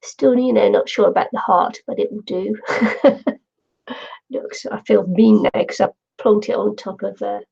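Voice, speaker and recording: Woman, middle-aged, slow unhurried talk, husky edge, chatty crafting vlog, muffled lo-fi sound. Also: mid-range voice, a little mellow. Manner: chatty and rambling, laughs often. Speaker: craft vlogger. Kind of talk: casual chat while crafting.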